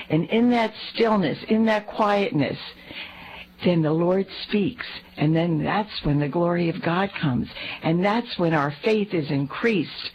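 A woman's voice: on the low side, a little slow, lo-fi sound. A woman sharing an earnest faith reflection with a priest, often repeating and restarting her words. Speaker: lay speaker in talk with a priest.

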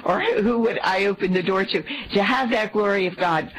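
A woman's voice: mid-range voice, moderate pace, low-quality recording. A woman sharing an earnest faith reflection with a priest, often repeating and restarting her words. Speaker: lay speaker in talk with a priest.

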